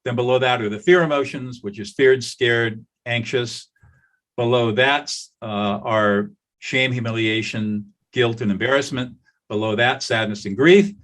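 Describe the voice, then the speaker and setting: An older man, a conflict mediator, talking in a podcast interview and telling stories with lively acted-out quotes. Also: mid-range voice, a little slow. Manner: animated storyteller, acts out quoted voices.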